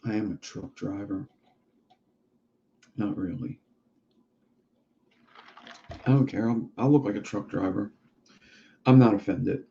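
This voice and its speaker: A man's voice: fairly low pitch, slow, vocal fry, long pauses, warm tone, slight background noise. A man hosting a casual livestream chat who rambles and swears freely. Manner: profane, rambling. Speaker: livestream host. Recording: dull lo-fi sound.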